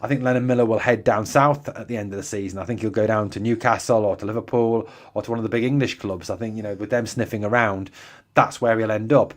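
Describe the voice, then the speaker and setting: The host of this live fan podcast has a lowish, steady voice and a quick pace. While going through comments, he drives his points home emphatically, repeating himself and asking listeners rhetorical questions.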